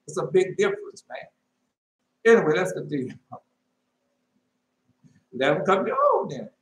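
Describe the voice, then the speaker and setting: A man preaching in an informal, emphatic way, repeating his phrases and breaking into sudden high shouts. His voice sits a little high for a man. The recording is roomy and echoey, with a faint hiss underneath. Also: sing-song, moderate pace. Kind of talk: informal sermon and dream telling. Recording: echoey room with faint noise.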